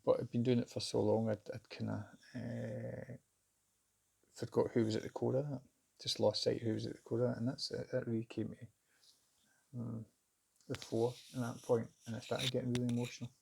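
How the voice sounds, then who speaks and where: A middle-aged man telling a personal story in a candid, halting, reflective way. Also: medium pitch, level tone, vocal fry, a little mellow, husky. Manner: candid, halting, self-searching. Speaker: vlogger recounting a job interview.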